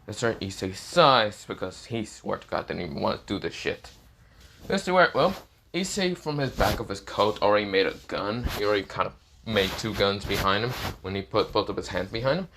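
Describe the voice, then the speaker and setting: A man's voice: fairly low pitch, expressive, a little fast, fairly bright tone, slight background noise. A man improvising a fan-fiction story aloud, rambling with many fillers and self-corrections.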